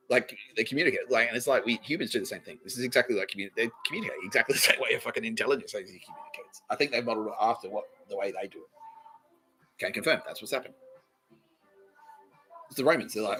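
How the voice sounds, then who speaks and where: A man's voice: lowish voice, fast, pushed and bright, faint music behind, poor audio. An Australian man hosting a comedy podcast, rambling through a profane monologue and laughing mid-sentence.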